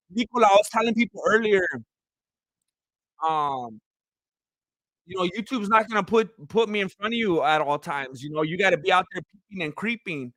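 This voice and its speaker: A young man hosting a casual livestream, reading viewer comments and thanking fans, excitable and laughing often, his voice going hoarse from talking so much. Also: sits high, no room sound, studio quality. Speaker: livestream host.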